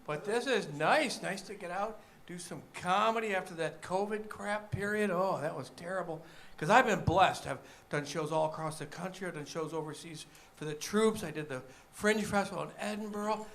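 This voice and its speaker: A stand-up comedian man from the Detroit area delivering deadpan one-liners with wry asides. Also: high-pitched, moderate pace. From Michigan, Detroit area.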